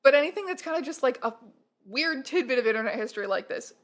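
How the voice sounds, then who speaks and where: A woman hosting a casual internet-culture commentary vlog, talking in an animated, emphatic and playful way. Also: high voice, fast. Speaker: YouTube host.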